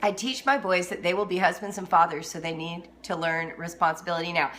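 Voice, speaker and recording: A woman's voice: on the low side, fairly quick. A middle-aged woman hosting a live-streamed talk on homeschooling, speaking emphatically and laughing often as she answers viewers. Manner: animated, emphatic, laughs often, teases herself. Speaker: homeschooling educator and host. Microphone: phone or webcam.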